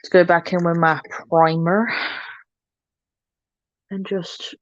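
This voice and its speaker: A woman hosts a casual makeup livestream, chatting with viewers in a self-mocking way as she works through the tutorial. Her voice is fairly low, flat and slow, captured in lo-fi sound without echo.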